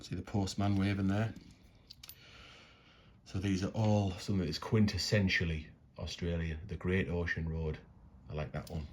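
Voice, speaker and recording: Deep-voiced chatty man. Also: level tone, normal speed, slight background noise. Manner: chatty, muses aloud and stumbles over words. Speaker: coin collecting vlogger. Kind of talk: casual unboxing commentary.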